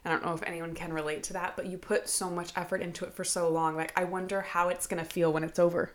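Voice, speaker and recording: A young woman in casual podcast chat, talking fast and loose with lots of "like" and the odd swear. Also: on the low side, level tone. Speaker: podcast co-host.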